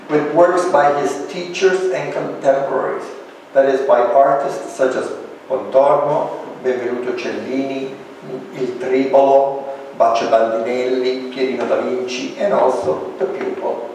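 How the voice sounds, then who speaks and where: A man speaks to a live audience, explaining things in a measured lecture style with a touch of light humor. His voice sounds far from the microphone and carries a long, echoing reverb. A faint hum of room ambience sits behind him. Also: mid-range voice, darkish tone. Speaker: author giving a public reading. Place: large lecture hall. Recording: echoey hall, voice from afar, faint ambience.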